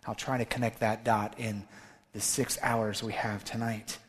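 A man's voice: lowish voice, unhurried. A man giving a sermon-style talk to a live audience as a Catholic speaker, telling stories with animation and raising his voice for quotes. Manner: animated storytelling, switches to raised emphatic voice for quotes. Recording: long reverb of a large hall.

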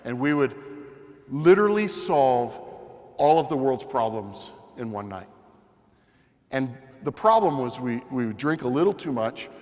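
A man's voice: medium pitch, big pitch swings, a little slow, a little mellow, long reverb tail. A young man preaching a sermon in a conversational way, often asking the listeners questions.

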